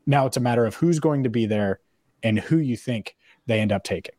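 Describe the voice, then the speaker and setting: A man hosting a sports podcast speaks in an easy, conversational way, tossing out hypotheticals and stating firm opinions. His voice sits at an ordinary middle pitch. The sound is close and dry, with no room around it. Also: a little fast, mellow, no echo. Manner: opinionated, thinks aloud with hypotheticals. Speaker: podcast co-host. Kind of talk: casual sports podcast chat.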